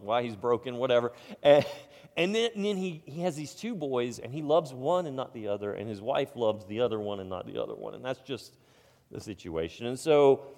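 A middle-aged man giving a conversational sermon as pastor, with stammered restarts, soft asides and sudden loud emphatic stretches. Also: medium pitch. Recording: long hall reverb.

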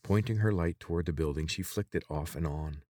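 A man narrating an audiobook in a steady, even storytelling manner. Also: rumbling low, fairly quick, no room sound, clean studio sound.

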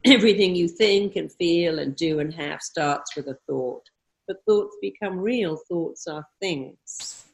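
A woman's voice: on the low side, a little slow, creaky. A woman answering interview questions in an emphatic way, often acting out quoted self-talk. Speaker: guest speaker on mindset.

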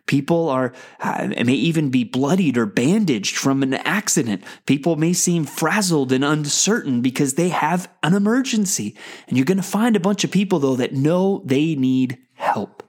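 A man hosting a daily Bible devotional podcast, teaching in a conversational way and slowing down to read scripture aloud. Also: fairly high pitch, darkish tone. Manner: conversational, with fillers and restarts, reads scripture slowly.

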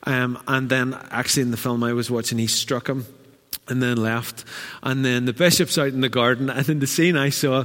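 A man preaching a sermon as pastor, animated and acting out the voices he quotes. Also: medium pitch, normal speed. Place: church hall. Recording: church hall with long reverb.

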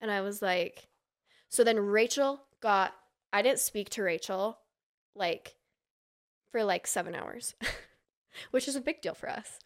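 A woman's voice: mid-range voice, slow pace, long pauses. A woman from Utah, a podcast guest, telling a long gossipy story in casual chat and acting out the people she quotes.

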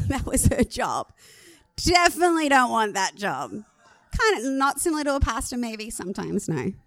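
An Australian woman pastor preaching a sermon in a lively, conversational way, laughing at herself now and then. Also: on the high side, normal speed, no room sound.

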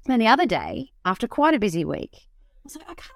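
A woman's voice: fairly high pitch, big pitch swings, fast, dry recording, studio quality. A woman, co-hosting a podcast in casual chat, laughing often and telling stories with animation. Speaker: podcast co-host.

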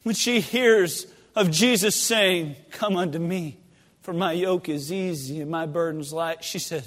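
A man preaching a sermon as pastor, moving between loud, fervent pleading and hushed storytelling, recorded in a church sanctuary. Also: on the high side, a little slow. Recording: long reverb of a church sanctuary.

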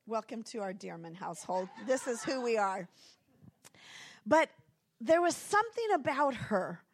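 A middle-aged woman preaches a sermon as a guest speaker. She talks to the congregation in an expressive, conversational way, and her voice sits a little high for a woman.

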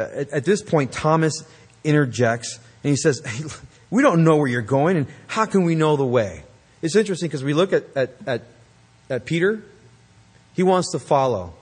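A man preaching a sermon, emphatic and earnest, with conversational asides to the congregation. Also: fairly high pitch. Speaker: pastor.

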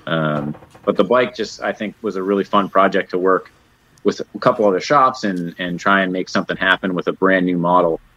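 A man, a custom motorcycle builder, talking as an interview guest in a halting, rambling, modest way over dull lo-fi remote audio. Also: sits low, steady tone, fairly bright tone, no echo. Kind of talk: casual interview chat.

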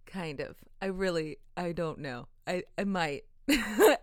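A young woman hosting her own podcast, talking in a giggly, excitable way and swearing often. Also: fairly low pitch, a little slow, clean tone, no echo, clean studio sound. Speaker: podcast host. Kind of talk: casual solo podcast.

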